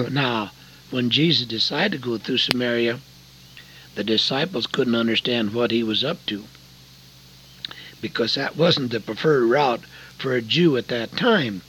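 Folksy older preacher telling stories. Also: male voice, medium pitch, measured pace, pauses often, slight background noise, poor audio. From Oregon, USA. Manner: folksy, earnest storytelling with sudden loud emphasis. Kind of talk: sermon with storytelling.

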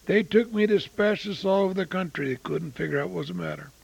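A man in his eighties preaching a storytelling sermon, swinging between loud exclamations and hushed asides. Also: sits high, quick pace, vocal fry, husky, poor audio. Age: 80s.

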